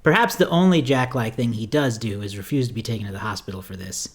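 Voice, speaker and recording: A man's voice: on the low side, fast. A man co-hosting a movie podcast, recapping the plot casually and correcting himself as he goes. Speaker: podcast co-host.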